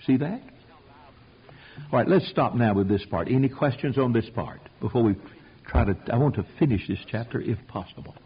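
A man's voice: medium pitch, lively intonation, brisk, slightly rough, dull audio. A man teaching a Bible study sermon in a folksy, emphatic way, acting out quotes, heard on an old tape recording. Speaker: preacher teaching a Bible class.

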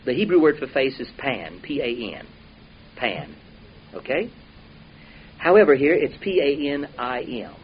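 Folksy preacher, lo-fi tape. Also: male voice, mid-range voice, animated, a little slow, long pauses. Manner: folksy, emphatic, rising and dropping volume. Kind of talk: sermon. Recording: dull lo-fi recording with faint hiss.

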